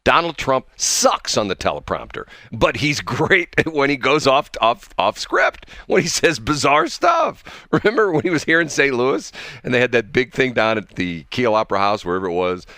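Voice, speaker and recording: Animated rambling radio co-host man. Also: medium pitch, normal speed, no room sound, studio quality. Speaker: radio morning show co-host. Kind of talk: casual radio banter. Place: radio studio.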